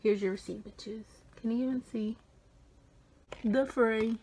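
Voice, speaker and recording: Young woman vlogger, 18, excited storytelling with heavy swearing and whispered asides. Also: a little high, measured pace, slight background noise. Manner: animated, swears a lot, drops into whispers. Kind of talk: casual storytime vlog.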